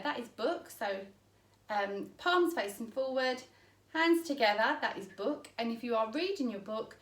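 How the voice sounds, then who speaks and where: A fairly high-voiced woman walks parents through everyday signs, patiently spelling out each hand shape and pausing with "okay?" to check they follow. She sounds set back from the mic in an echoey room. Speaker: sign language teacher. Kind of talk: instructional demonstration for parents. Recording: roomy echo, mic at a distance.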